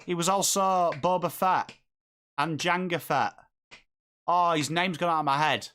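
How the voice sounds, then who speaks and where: Hosting a live football watchalong, an English-accented man keeps up casual chat with commentary, reading out viewer comments and answering them between calls of the play. He speaks at a measured pace in a slightly high voice that sounds pushed and bright.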